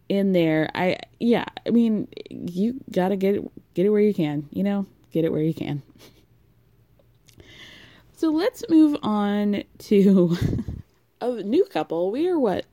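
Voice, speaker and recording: A woman's voice: medium pitch, warm tone, dry recording. A woman hosting a casual recap, talking frankly, swearing freely and leaning on fillers. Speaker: podcast host recapping a reality show.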